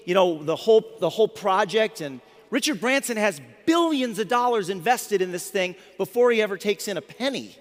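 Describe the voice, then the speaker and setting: A man in his fifties, a motivational speaker, telling a story to a live audience in an animated way, often restarting his words. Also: high-pitched. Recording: long hall reverb.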